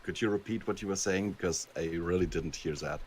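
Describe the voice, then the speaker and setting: Very low-voiced man on a voice call. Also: a little fast, darkish tone, slightly rough. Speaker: voice actor guest. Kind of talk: casual interview over voice chat. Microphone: computer mic on a voice call.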